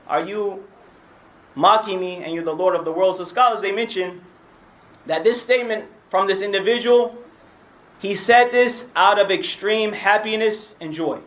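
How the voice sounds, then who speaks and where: A man giving a mosque lecture on hadith, reciting Arabic quickly and then translating it into English. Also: high-pitched, fairly bright tone. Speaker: religious lecturer.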